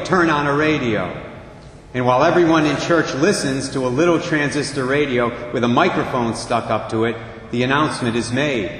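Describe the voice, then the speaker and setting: A man preaching, telling a dramatic story slowly and emphatically, with hushed pauses. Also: mid-range voice, slight background noise. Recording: echoey hall, faint ambience.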